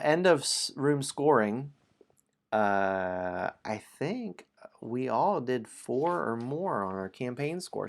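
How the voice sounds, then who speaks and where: A man hosting a casual game stream, playfully teasing players and reading the story aloud. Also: medium pitch. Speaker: game host.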